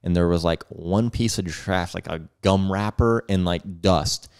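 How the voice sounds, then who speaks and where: Host, male, low voice, lively casual storyteller who laughs often. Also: unhurried, clean tone. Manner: lively, laughing, acts out quotes. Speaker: podcast host.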